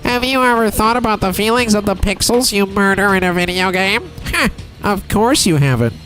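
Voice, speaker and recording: A man puts on a nasal, pinched-nose voice for a boastful young gamer villain, pitched far above his own. The delivery is slow, mocking and self-satisfied, swooping up and down as he gloats over a game scene. Faint music sits behind him. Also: lively intonation, fairly bright tone. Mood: smug.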